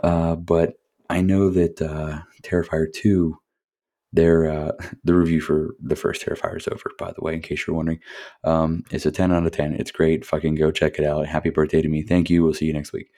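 Male podcast host, very low voice, loose rambling delivery with swearing and little laughs. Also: level tone, moderate pace, dark tone. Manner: rambling, profane, chuckling asides. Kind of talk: casual solo podcast review.

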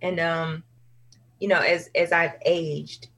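A woman's voice: low-pitched, slow, slightly rough. A woman singer speaking candidly as an interview guest, laughing often and acting out her own past remarks. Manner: frank, laughs often, quotes herself in lively asides. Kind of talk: candid casual conversation.

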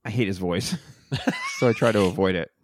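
A man's voice: low voice, fairly quick, slight background noise. A man co-hosting a comedy podcast, dropping dry quips into the banter. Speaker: podcast co-host.

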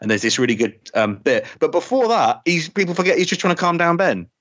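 Lively guy podcasting, swears a lot, kinda high voice, dull muffled sound. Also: quick pace. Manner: animated, profane, acts out scenes. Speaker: podcast host. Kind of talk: casual chat. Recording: dull lo-fi audio.

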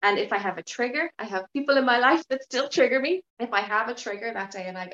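A woman's voice: a little high, fast, hardly any pauses. Frank woman in a roomy, muffled recording. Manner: frank, lively, swears casually. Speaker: podcast guest, yoga teacher. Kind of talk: casual interview chat.

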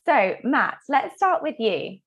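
A woman hosting an online panel, brisk as she introduces speakers and hands over questions. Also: high-pitched, big pitch swings, a bit bright, breathy edge, highs cut off. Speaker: panel moderator.

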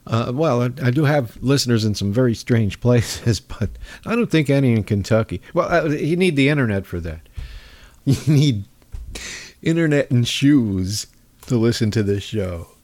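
A man's voice: mid-range voice, expressive, normal speed, a little mellow. A man hosting a podcast, delivering a sarcastic, mocking comedic political monologue. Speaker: podcast host.

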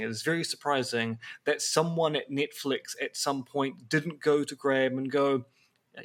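A man co-hosting a podcast, telling stories in casual chat with wry, quick asides. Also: medium pitch. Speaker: podcast co-host. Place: apartment.

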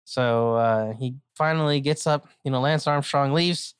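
A woman with a low, dry voice improvising a comic story in a rambling, giggly, self-mocking way. She chats straight to the listener, recorded close with no room sound. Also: measured pace, smooth, dry recording.

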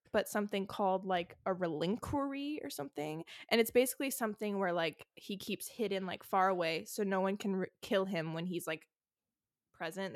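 A woman's voice: mid-range voice, no echo, clean studio sound. A woman co-hosting a podcast, recapping a book in casual chat and leaning hard on "like" as a filler. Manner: chatty, heavy use of "like". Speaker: podcast co-host.

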